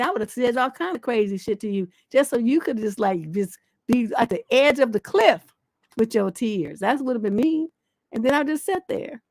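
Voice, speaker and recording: A woman with a slightly high voice, recorded without echo, runs a live relationship advice show. She's a relationship coach and livestream host who responds to letters bluntly, scolds freely, and swears.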